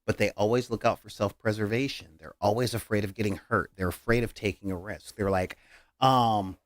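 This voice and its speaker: A man's voice: on the low side, fairly even intonation, brisk, dry recording, studio quality. A man hosting a casual talk about tabletop roleplaying as a game master, speaking earnestly with many hesitations and fillers.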